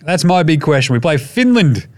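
A man's voice: on the high side, very animated, normal speed, dry recording. An Australian man hosting a casual sports podcast, talking in an irreverent, jokey and profane way. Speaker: podcast host.

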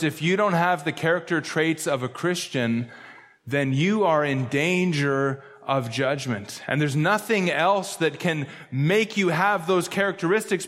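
Male pastor, emphatic sermon delivery, high voice, long hall reverb. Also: a bit bright. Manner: emphatic, repeats key phrases, slows down for stress.

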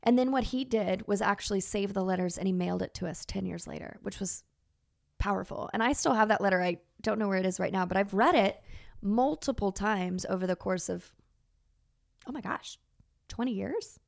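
A woman's voice: medium pitch, fairly quick, vocal fry. A woman in her thirties, a teacher, telling a personal story in an earnest, emotional way with many fillers.

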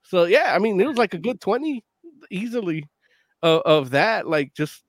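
A man in his late thirties with a fairly high voice, talking casually on a podcast. He swears a lot, laughs between thoughts and gets heated in animated bursts. The sound is dry and close. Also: moderate pace, no room sound. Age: late 30s. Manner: profane, animated, laughs often. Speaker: podcast co-host. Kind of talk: casual chat.

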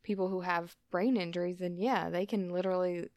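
A woman's voice: fairly low pitch, fairly even intonation, fairly quick, a little mellow. A woman co-hosting a podcast talks casually and answers with blunt, skeptical remarks. Her voice sits close to the mic with no room echo. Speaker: podcast co-host. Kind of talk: casual conversation.

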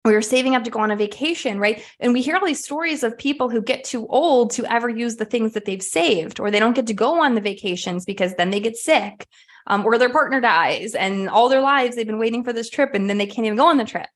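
A woman's voice: on the high side, brisk. A woman hosting a podcast who talks candidly and with energy, sometimes swearing casually, while coaching her listeners at home. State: sweaty and a bit winded. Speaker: podcast host. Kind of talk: motivational podcast monologue. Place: at home, puppy in the room.

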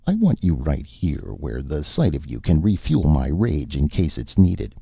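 A deep-voiced man reading a gloomy, put-upon writer. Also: sing-song, measured pace, creaky, breathy edge, dry recording, heavily acted. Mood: gloomy, plaintive. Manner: gloomy, plaintive. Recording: dull lo-fi, dry.

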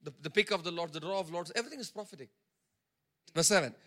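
A man preaching a sermon with a high, bright and forceful voice. He hammers his points home by repeating phrases. He voices the people in the story himself. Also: animated, fast talker. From India. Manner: emphatic, repeats phrases for stress; acts out characters' words in his own voice. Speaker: pastor.

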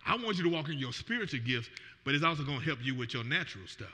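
A man preaching with a high, very bright and ringing voice, rising to shouts and falling to near murmurs. The sound carries a long reverb from a large church hall. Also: quick pace. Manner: animated preaching, voice swelling and dropping. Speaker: pastor. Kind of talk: sermon.

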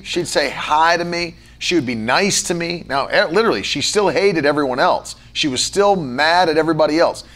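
A male pastor with a fairly high, fairly bright voice preaches a sermon, shifting between chatty storytelling and emphatic, rhythmic lists of repeated words. His storytelling is conversational and sprinkled with fillers.

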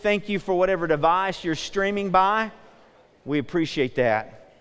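A man preaching a sermon as pastor, talking quickly and energetically, calling for amens from the congregation. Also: high-pitched, clear, resonant tone. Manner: fast, energetic preaching with call-and-response. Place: church sanctuary. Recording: church hall reverb.

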